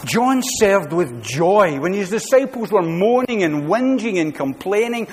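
A man's voice: high-pitched, big pitch swings, measured pace, hardly any pauses, darkish tone. A man pastor preaching an earnest, conversational sermon full of rhetorical questions, recorded in a church sanctuary. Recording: church hall reverb, faint room noise.

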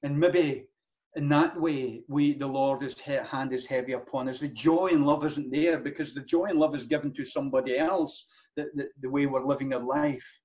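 A man's voice: mid-range voice, fairly even intonation, moderate pace, darkish tone. A man preaching a sermon as pastor, earnest, with many rhetorical questions and repeated phrases. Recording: dull lo-fi sound.

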